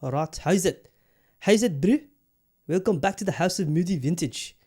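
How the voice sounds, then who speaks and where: A man's voice: high voice, animated, normal speed, mellow, breathy edge, pitched above the performer's own voice. A man doing an over-the-top South African accent while greeting listeners to his podcast. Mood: cheery. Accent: exaggerated South African.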